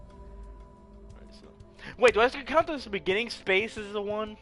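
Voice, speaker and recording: A man's voice: normal speed, fairly bright tone, faint music behind. A man streaming a puzzle game, chatting casually and swearing, his talk swinging from mumbled counting to frantic whining. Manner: swears a lot, goes from mumbled counting to shrill mock panic. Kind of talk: casual gaming chat.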